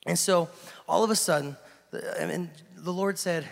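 A man giving a casual sermon into a handheld microphone, telling the story in a joking, animated way and then dropping to a hushed, intense delivery. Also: high voice, normal speed, creaky. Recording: hall reverb.

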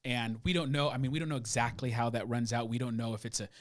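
A man co-hosting a casual Bible discussion, emphatic and getting loud when he mimics someone. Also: medium pitch, fast.

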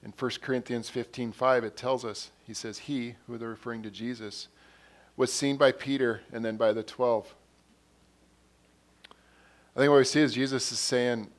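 A man delivering a sermon at a middle pitch, talking it through in a conversational way. He retells scenes by acting out bits of dialogue and often doubles back on his words as he goes. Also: fairly even intonation, normal speed. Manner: repeats and restarts words. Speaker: pastor.

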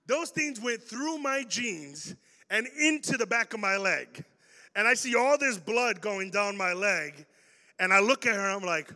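A young man giving a storytelling youth talk to a live audience, animated and joking and speaking straight to the crowd. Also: sits high, moderate pace, long reverb tail.

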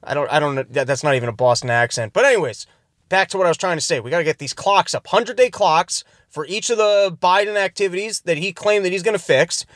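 A man's voice: high voice, quick pace, fairly bright tone, dry recording, clean studio sound. A man hosting a podcast, giving rambling, sarcastic comedic commentary from his car. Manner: rambling, sarcastic, self-interrupting. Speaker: podcast host.

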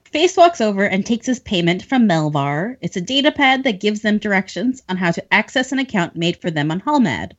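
A woman hosts a book podcast, running through plot points in a chatty, laughing way. Her middle-pitched voice moves up and down a lot. The recording is dull and lo-fi. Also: sing-song, fairly quick. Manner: chatty, laughs often between lines. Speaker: podcast host summarizing chapters. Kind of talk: casual book recap.

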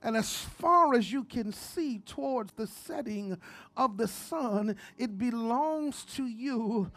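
A woman's voice: fairly high pitch, animated, takes it slowly, fairly bright tone, faint music behind. A woman preaching a sermon with fervent delivery, often repeating "come on now" and stammering as she restarts.

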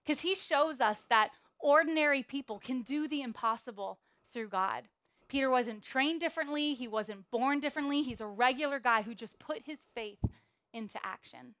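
A woman preaching a sermon in a church, telling a Bible story in a lively, playful way. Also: sits high, normal speed.

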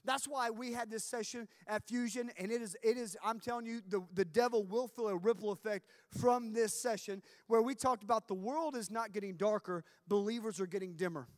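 High-voiced animated male preacher. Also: a little fast, few pauses, dry recording. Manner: animated, jokey storytelling with shouted punchlines. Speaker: youth camp speaker. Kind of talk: sermon with comic storytelling.

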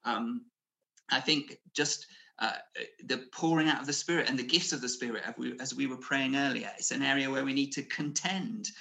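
A man's voice: mid-range voice, steady tone, normal speed, gravelly, pushed and bright. A man preaching a sermon over a video call, earnest and conversational, with fillers and restarts, rising to emphatic declarations. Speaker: pastor.

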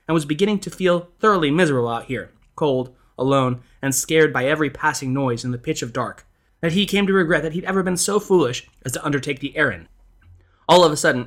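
A man narrates a scripted ghost story for a podcast. His reading is measured and expressive, and his voice sits a touch higher than most men's.

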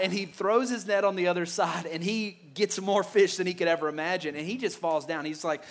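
A man's voice: high voice, a little fast, hardly any pauses, a bit bright. A male pastor preaching a sermon emphatically, often stammering and repeating words as he builds a point.

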